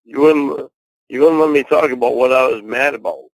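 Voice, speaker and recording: A man, the host, in a loud, profane, confrontational argument. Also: mid-range voice, moderate pace, vocal fry, no room sound, rough recording. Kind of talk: heated argument.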